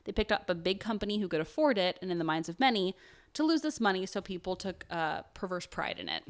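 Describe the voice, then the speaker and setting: A chatty woman with a slightly low voice tells a true crime story on a casual podcast. She jokes around, fills gaps with "um" and "like", and reads quotes and numbers from her notes. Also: big pitch swings, quick pace. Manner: chatty, jokey, lots of "um" and "like".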